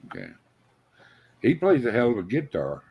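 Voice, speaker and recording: Gravelly man with a drawl. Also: medium pitch, huge pitch swings, normal speed, warm tone. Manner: dry, crude jokes. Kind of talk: casual livestream banter.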